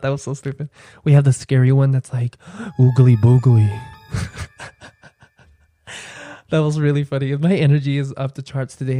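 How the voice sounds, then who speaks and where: Campy, chatty young man podcaster. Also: no room sound. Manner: chatty, campy, playful asides to listeners; drops into a low, quiet "sweetie" aside. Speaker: podcast host. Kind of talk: casual solo podcast chat.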